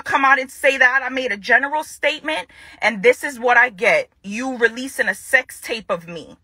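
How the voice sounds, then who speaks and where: Husky, sharp-voiced woman vlogger. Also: fairly high pitch, no echo. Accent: Jamaican. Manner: confrontational, repeats her phrases for emphasis. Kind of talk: direct-to-camera vlog rant.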